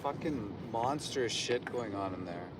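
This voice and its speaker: Slow, halting man from Canada, outdoors. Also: medium pitch, animated. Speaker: visiting activist. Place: outdoors by a roadside. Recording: distant mic with loud traffic noise.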